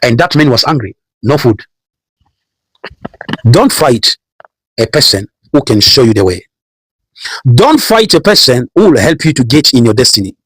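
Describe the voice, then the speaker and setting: A man's voice: medium pitch, big pitch swings, normal speed, pauses often, a bit bright, slightly rough, no room sound, poor audio. A man preaching a sermon, repeating phrases and building emphasis as he calls out Bible verses. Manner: preaching with repetition and rising emphasis. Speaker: pastor.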